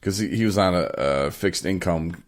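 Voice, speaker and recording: A man's voice: low-pitched, moderate pace. A man hosting a podcast, telling stories in a laid-back, casual way, laughing often and acting out what others said. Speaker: podcast host. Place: home studio.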